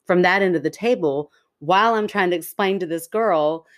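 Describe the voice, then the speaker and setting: A woman co-hosting a podcast, telling an animated story in casual chat and laughing often. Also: on the low side, moderate pace. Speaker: podcast co-host.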